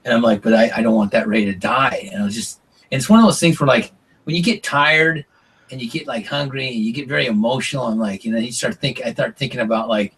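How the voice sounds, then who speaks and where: A middle-aged man guesting on a podcast, telling stories in a lively way, acting out what people said and swearing casually. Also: mid-range voice, fast, slightly rough, far from the mic. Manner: animated storyteller, acts out quotes, swears casually. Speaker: podcast guest, former reality show contestant. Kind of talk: casual storytelling interview.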